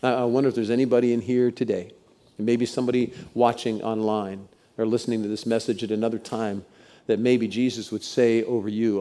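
A man preaching a sermon, expressive, sometimes dropping to a hushed, soft voice. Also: mid-range voice, brisk. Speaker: pastor.

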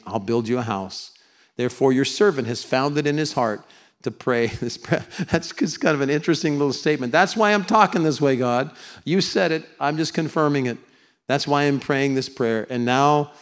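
A man preaching a sermon to a congregation, slowing down to read scripture together and putting on whiny high voices to make a point. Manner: animated preaching, mimics whining voices in a high pitch; slows down for congregational scripture reading. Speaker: pastor. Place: church sanctuary with congregation.

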